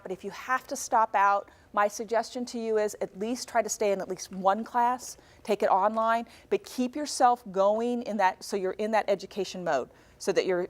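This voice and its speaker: A woman in her forties, a guest speaker talking to a high school class in a classroom. She tells stories lively and acts out the dialogue. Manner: animated storyteller, acts out dialogue.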